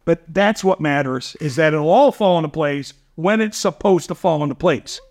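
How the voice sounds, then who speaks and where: A man, a startup founder, chatting on a podcast as a guest and telling animated stories with frequent laughs. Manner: animated storyteller, quick jumps in pitch, laughs often. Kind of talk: casual podcast chat.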